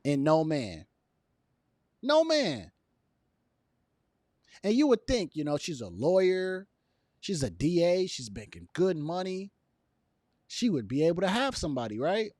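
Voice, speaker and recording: A man's voice: a little high, very animated, normal speed, warm tone, no room sound, clean studio sound. A man giving casual opinion commentary to camera, emphatic and repetitive, with chuckles between his points. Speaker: video commentator.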